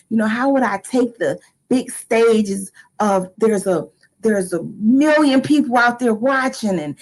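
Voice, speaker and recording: A middle-aged woman hosting a live motivational talk, lively and animated, acting out excited quotes. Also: a little high, rough recording. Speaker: motivational live-stream host.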